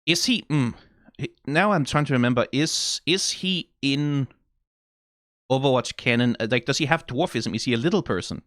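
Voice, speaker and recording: A man's voice: medium pitch, normal speed, fairly bright tone, no echo, clean studio sound. A young Danish man with a Danish accent, casually musing and rambling through a reaction video. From Denmark. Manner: musing, rambling, many restarts and laughs.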